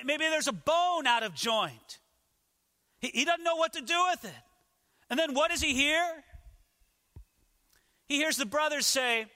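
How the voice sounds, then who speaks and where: A male pastor preaching a sermon, telling the story dramatically with rhetorical questions and swings between loud and hushed. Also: very high voice, in a large hall.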